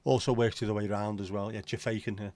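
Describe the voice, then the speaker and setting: A man's voice: on the low side, level tone, fast talker, a little mellow, no room sound. A middle-aged man with a Liverpool accent, hosting a livestream and chatting casually in an opinionated, sweary, rambling way. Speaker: livestream host. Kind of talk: casual chat to a live audience.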